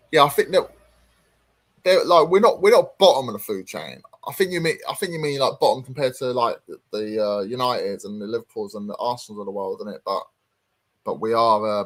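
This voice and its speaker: A man hosts a relaxed livestream chat, pausing often with ums as he reads comments aloud. His voice sits at an ordinary middle pitch. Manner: reads viewer comments aloud, chatty and hesitant. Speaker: host.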